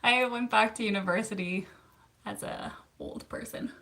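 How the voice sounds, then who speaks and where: A woman's voice: mid-range voice, normal speed, creaky, sharp tone. A Canadian woman in her thirties, a therapist, chatting casually with viewers in a giggly, chatty way. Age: 30s. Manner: giggly and chatty, with frequent fillers. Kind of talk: casual live-stream chat answering viewer comments.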